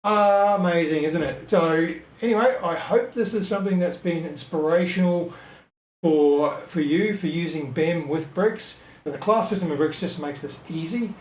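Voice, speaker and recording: A man talking through a web design tutorial in a casual, thinking-aloud way, full of ums and quick self-corrections. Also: on the high side, echoey room, poor audio. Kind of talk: casual screen-recorded tutorial.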